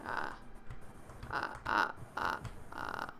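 A woman's voice: very slow, background noise. A woman chatting casually with a friend while playing a game, playful and slangy. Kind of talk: casual gaming chat.

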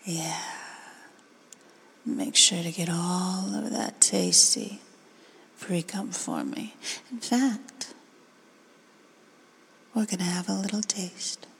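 A woman in a whispered role-play, giving slow, coaxing commands in a breathy whisper. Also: fairly low pitch, fairly bright tone, slight background noise. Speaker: ASMR performer.

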